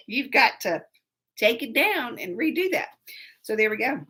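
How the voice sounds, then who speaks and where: A woman hosts a live stream in a relaxed, rambling way. She laughs easily and breaks off to greet viewers by name. Her voice is bright and crisp, with a fairly high pitch that swings widely. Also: measured pace. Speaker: live show host. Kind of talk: casual live-stream chat.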